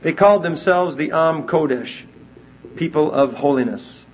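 A man giving a verse-by-verse Bible teaching, emphatic and animated as he reads scripture aloud and explains it. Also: fairly high pitch, moderate pace. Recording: dull lo-fi recording.

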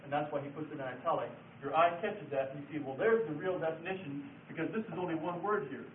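A man's voice: fairly high pitch, fast. A man teaching a Bible study class, explaining things patiently and repeating key words as he writes on a board. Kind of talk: classroom lecture with board writing. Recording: echoey room from far off, phone-like lo-fi sound, faint hiss.

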